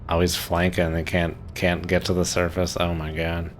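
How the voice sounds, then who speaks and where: A man's voice: low-pitched, completely flat delivery, normal speed, soft background music. A man in his thirties from Maryland, chatting casually while live-streaming a game, rambling with lots of filler words. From Maryland, USA. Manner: rambling, laid-back, heavy on "like" fillers.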